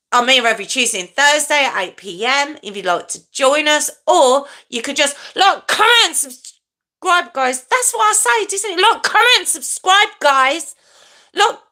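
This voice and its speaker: Brief: woman, 40s, live-stream host; raised pitch, gravelly edge, bright tone, rambling and self-mocking. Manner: chatty, rambling, self-mocking, reacts to viewer comments. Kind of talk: casual live-stream chat.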